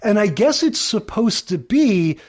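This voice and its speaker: A man co-hosting a podcast, casually recapping an old sitcom episode in a wry, relaxed way, chuckling as he talks. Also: high voice, measured pace. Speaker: podcast co-host.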